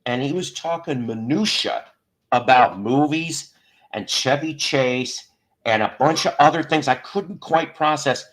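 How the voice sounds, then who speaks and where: A man's voice: a little high, unhurried, a bit bright. A middle-aged man hosting a live stream, chatting casually and rambling through stories with frequent restarts. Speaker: host of a live stream show. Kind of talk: casual chat.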